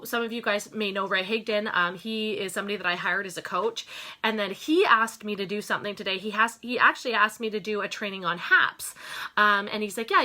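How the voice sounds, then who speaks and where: Bright-voiced woman vlogging candidly. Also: medium pitch. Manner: candid, earnest, emotional, fillers and restarts. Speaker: network marketing vlogger. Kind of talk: casual talk to camera.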